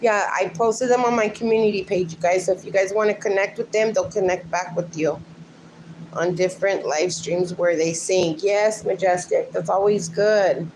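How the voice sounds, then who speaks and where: A woman's voice: medium pitch, fairly even intonation, normal speed. A middle-aged woman hosting a casual livestream from home, chatting with viewers and talking to her dogs. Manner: chatty, reads out and answers viewer comments; speaks fondly to her sleeping dogs. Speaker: livestream host. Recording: noticeable background noise.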